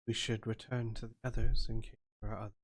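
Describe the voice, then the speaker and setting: A man voicing a calm, solemn ghost of a woman fortune teller, speaking softly and gravely. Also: fairly low pitch.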